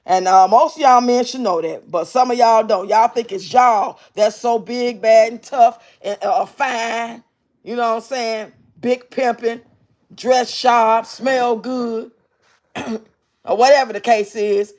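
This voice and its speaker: A woman hosting a livestream, giving blunt, profane commentary and reading her chat out loud. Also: on the high side, fairly even intonation, takes it slowly. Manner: brash, profane, mocking. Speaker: livestream host reacting to clips.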